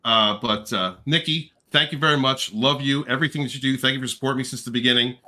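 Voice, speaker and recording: An effusive male livestream host with a bright, energetic voice. He chats casually, greets viewers by name and teases them playfully. His middle-range pitch stays friendly and direct. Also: fast, slight background noise. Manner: effusive, affectionate shout-outs to chat viewers; playful flirting and joking.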